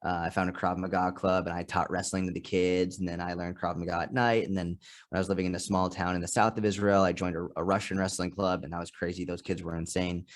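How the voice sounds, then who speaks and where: Man in his 30s, lowish voice, podcast guest, animated storyteller who acts out quotes. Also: fast. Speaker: podcast guest, strength and nutrition coach. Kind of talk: casual interview chat.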